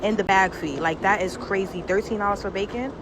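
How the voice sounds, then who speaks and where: A woman's voice: medium pitch, fairly quick. A mother in a casual vlog rant, irritated and swearing, recorded outdoors near traffic.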